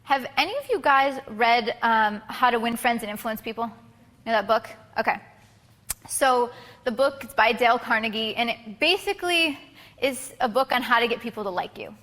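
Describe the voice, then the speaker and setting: A woman's voice: a little high, moderate pace, a bit bright. A woman giving a casual, chatty photography workshop talk to a live group, full of fillers and restarts. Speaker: photography instructor. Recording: reverberant hall recording.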